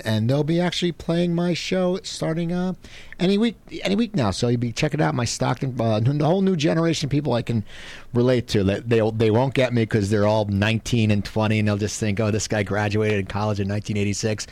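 A man's voice: mid-range voice, a little mellow, dry recording. A middle-aged man hosting a talk show in casual chat, rambling and repeating himself as he goes.

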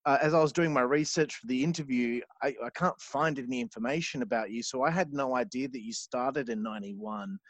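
A man hosting a casual interview, relaxed and joking, swearing now and then. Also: mid-range voice, a little fast, hardly any pauses, dry recording. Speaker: interview host.

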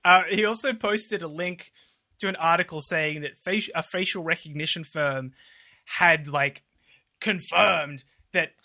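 A man's voice: a little high, measured pace, bright, forceful tone. A man co-hosting a podcast, chatting casually and sarcastically about politics, often laughing. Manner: sarcastic, laughing, mock-chanting quotes. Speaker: podcast co-host. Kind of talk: casual political commentary chat.

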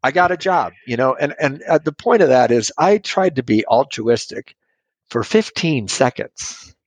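A man's voice: mid-range voice, lively intonation, normal speed, dry recording. A middle-aged man telling a personal story in conversation, meandering and self-deprecating with frequent restarts.

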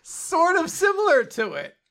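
A man co-hosting a podcast, chatting about a manga in an animated, jokey way. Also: extremely high pitch, unhurried, slight background noise. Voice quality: animated, jokey, laughs easily. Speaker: podcast co-host. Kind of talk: casual chat about a manga.

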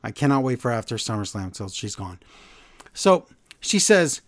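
At a moderate pace, a man recaps the week's wrestling shows as a podcast co-host, chatting casually on a dry, studio-quality recording. His disbelief keeps building, and in his animated exasperation his voice goes up high.

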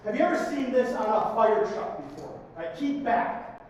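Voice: mid-range voice, sing-song, brisk. A pastor preaches in an easy, conversational way and checks in with the congregation by asking "right?" after each point. The voice sounds distant and washes around a large, reverberant hall. A faint hiss sits under the poor recording. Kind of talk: conversational sermon. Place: church sanctuary.

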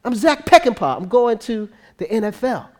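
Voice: medium pitch, sing-song, racing, dark tone, lightly acted. A preacher acting out a cocky, whiny young male college football player who insists he deserves to play. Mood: boastful. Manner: boastful, whiny, indignant.

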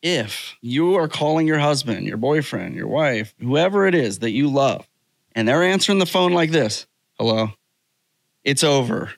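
A man's voice: fairly high pitch, expressive, normal speed, gravelly, dry recording. Emphatic man in a played clip. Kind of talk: opinion monologue.

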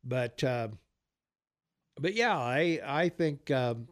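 A man's voice: medium pitch, lively intonation, slow pace. An older man hosting a talk radio show, rambling through political banter with lots of fillers and easy laughter.

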